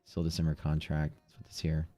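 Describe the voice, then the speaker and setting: A man's voice: very deep voice, monotone, a little fast, mellow, no echo, faint music behind. A man live-streaming his trading screen, casually thinking aloud with fillers and restarts. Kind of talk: live screen-share commentary.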